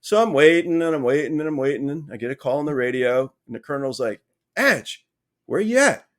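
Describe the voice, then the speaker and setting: A man on a podcast telling a long anecdote in a casual way, with lively, self-mocking humor and frequent "right?" asides. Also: medium pitch, quick pace. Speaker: podcast guest.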